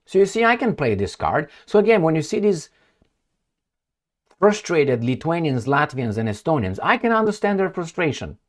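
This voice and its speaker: Heated Eastern European man ranting. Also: on the high side. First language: Romanian. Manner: heated, sarcastic, pointing at a map. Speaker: political commentator. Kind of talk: opinionated monologue.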